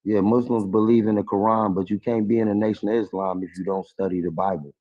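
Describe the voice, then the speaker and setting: A man's voice: fairly low pitch, fairly even intonation, fast talker, highs cut off. A man calling into a debate panel, insistent and stammering over restarts. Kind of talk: casual debate.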